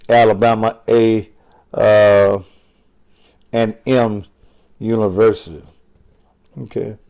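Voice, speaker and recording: Older male host, profane, combative rant, lively pitch, slow unhurried delivery. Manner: crude, combative, cursing, mocking. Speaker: online show host. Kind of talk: profane live-stream rant.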